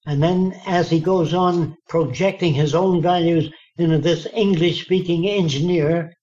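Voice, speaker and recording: A man's voice: fairly high pitch, fairly even intonation, unhurried, a little mellow. A man being interviewed, telling stories in a blunt, folksy way and acting out what people said to him. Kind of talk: storytelling in conversation. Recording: dull lo-fi recording.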